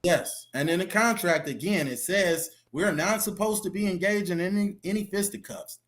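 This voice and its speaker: A man with a fairly high voice, talking in a loose, animated way and peppering his telling with slang and little fillers. He sounds like a guest sitting down for a relaxed interview. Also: moderate pace. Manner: chatty, animated retelling with street slang and fillers. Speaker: interview guest, former reality show contestant. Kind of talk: casual storytelling interview.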